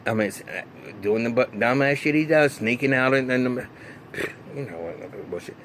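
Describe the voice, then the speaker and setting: A man, recapping a TV episode in a casual, animated, profane way full of fillers and restarts. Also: mid-range voice, moderate pace, slight background noise. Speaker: TV recap vlogger.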